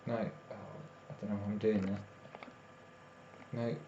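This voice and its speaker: A man's voice: on the low side, level tone, measured pace, mellow. A tired man, rambling casually as he chats with viewers on a live stream. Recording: echoey room, dull lo-fi sound, faint noise.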